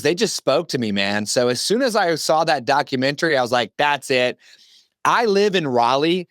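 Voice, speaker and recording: Late-30s guy, pumped up and slangy, dead dry sound, normal pitch. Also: a bit bright, no room sound. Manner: enthusiastic, emphatic, slangy. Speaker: podcast guest. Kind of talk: casual interview chat.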